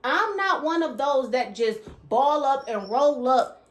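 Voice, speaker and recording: Woman preaching her spiritual message on her channel, keeps saying okay, a bit high-voiced, echoey room. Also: lively intonation, slow pace. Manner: emphatic, keeps checking in with "okay?"; repeats phrases for emphasis. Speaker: channel host.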